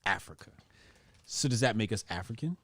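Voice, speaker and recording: A man appearing as a guest, telling stories in a relaxed, casual way and often saying "like". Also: fairly low pitch, fairly quick, no echo. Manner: relaxed, peppers speech with "like". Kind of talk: casual conversational storytelling.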